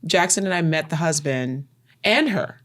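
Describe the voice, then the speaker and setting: Woman cohosting a chatty podcast, animated storyteller, leans on words for emphasis. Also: sits low, moderate pace. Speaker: podcast co-host. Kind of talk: casual chat.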